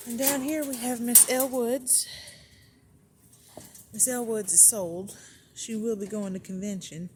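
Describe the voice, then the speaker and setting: A woman giving a relaxed, chatty tour of her rabbit barn as a breeder, pausing now and then between thoughts. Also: fairly high pitch. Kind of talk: casual walkthrough narration. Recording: noisy barn ambience. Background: barn ambience noise.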